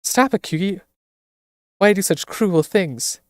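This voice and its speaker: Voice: medium pitch, animated, measured pace, no echo, clean studio sound, voice pushed up, close to an everyday voice. A streamer voicing a stern, protective older sister who scolds sharply. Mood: scolding.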